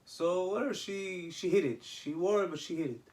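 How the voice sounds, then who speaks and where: A man's voice: sits high, normal speed, darkish tone. A man casually telling a religious story, often restarting his sentences. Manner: retells with acted quoted dialogue and many restarts.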